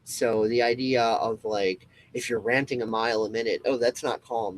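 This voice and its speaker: A man's voice: medium pitch, moderate pace, few pauses, slight background noise, rough recording. A man in a profane ranting monologue. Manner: profane, emphatic, repetitive ranting with frequent restarts. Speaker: comedy web show host. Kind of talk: impassioned solo rant to camera.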